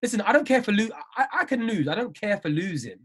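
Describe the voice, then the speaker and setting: A man coaching traders on a video call, talking in an animated, emphatic way and repeating himself for effect. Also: sits high, fast, slightly rough. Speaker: trading coach.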